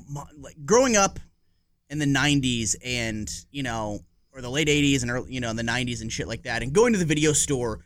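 A man in his forties co-hosts a podcast, chatting casually in a rambling, profane way and laughing easily. His voice is medium-pitched and a bit bright.

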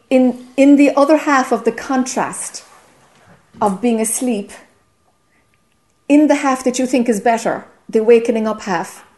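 A woman's voice: a little high, a little mellow. A woman with an Irish accent giving a spiritual teaching talk to a group, earnest and often checking whether listeners follow.

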